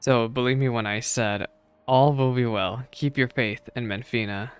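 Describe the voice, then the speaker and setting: A man voicing a serene, wise male deity, reading game dialogue aloud in a soft, measured, solemn way. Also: medium pitch, steady tone, clean tone, soft background music, lightly acted. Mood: calm, consoling.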